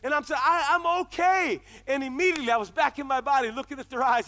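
A middle-aged male pastor delivering a passionate sermon. His voice sits very high and rings bright and forceful. He swings between quieter, earnest stretches and shouted declarations. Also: quick pace. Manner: impassioned preaching, builds to shouts.

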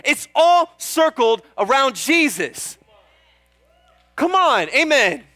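A man's voice: very high voice, big pitch swings, takes it slowly, bright, forceful tone, no echo, soft background music. A young man preaching a sermon in an earnest, chatty way, often calling out "Amen?" and joking about himself. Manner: self-deprecating, laughs at himself.

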